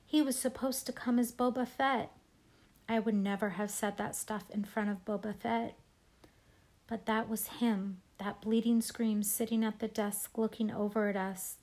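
A woman teacher reading a novel aloud to her class in a lively, expressive way. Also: mid-range voice, poor audio. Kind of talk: read-aloud storytelling.

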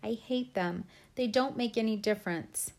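A sulky ten-year-old boy who whines and protests in a raised, pinched pitch, as a woman reader puts him on. He sounds close to tears, every line a complaint. The reading has a plain storybook feel. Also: moderate pace, vocal fry, a little mellow. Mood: miserable. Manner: whining, protesting.

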